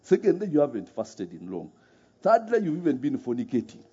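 A man's voice: mid-range voice, huge pitch swings, brisk, mellow, breathy edge. A man voicing a stern, moralizing talking snake in a sermon story. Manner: scolding, lists demands. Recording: muffled recording with faint music.

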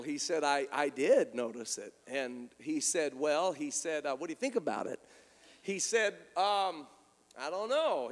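Preaching in a large hall with a high-pitched voice, a man tells an animated story in his sermon. He keeps repeating words and acts out what the characters say.

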